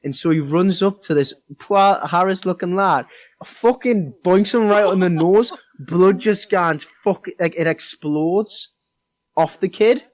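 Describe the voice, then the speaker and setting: Young Geordie guy for a casual podcast, rambling, lots of swearing, raised pitch, dry close sound. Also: measured pace, no room sound. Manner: rambling, heavy swearing, many fillers. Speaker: podcast co-host. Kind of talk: casual storytelling.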